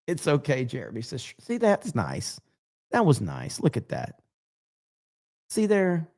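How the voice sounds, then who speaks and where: A man's voice: on the high side, wildly swooping pitch, measured pace, darkish tone. A man hosting a livestream, chatting casually and reading out viewer comments in a loose, profane, rambling way. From United States. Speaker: livestream host.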